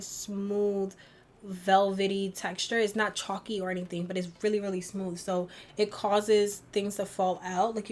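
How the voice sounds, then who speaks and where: Chatty young woman vlogger, rambling. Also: medium pitch. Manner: chatty, rambling, with many fillers. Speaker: beauty vlogger. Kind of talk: casual chat while doing makeup. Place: home bedroom at a vanity.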